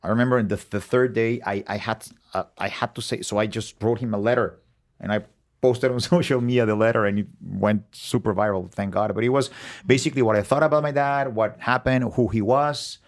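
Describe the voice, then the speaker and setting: A middle-aged Mexican man with a Mexican accent, a podcast guest who tells animated stories, acting out quotes and swearing freely. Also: fairly quick. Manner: expressive, acts out quotes with big pitch swings, swears freely. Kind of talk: animated storytelling in conversation.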